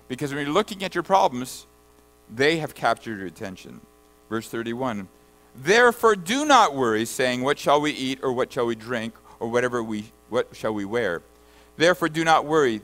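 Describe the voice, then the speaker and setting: A man preaching a sermon and reading scripture aloud, rising to loud emphatic bursts and then dropping low and soft. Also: low-quality recording. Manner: reads scripture verses aloud. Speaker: pastor.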